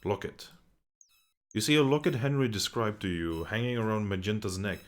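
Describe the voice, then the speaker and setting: A man's voice: fairly low pitch, lively intonation, moderate pace. Man casually streaming a game. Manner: swears freely, talks to chat. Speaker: live streamer. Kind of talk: casual gameplay commentary.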